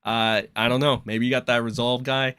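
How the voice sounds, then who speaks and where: A man's voice: medium pitch, flat delivery, normal speed, heavy background noise. A young man hosting a live stream, talking in a rambling, exasperated and profane way. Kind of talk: casual live-stream commentary.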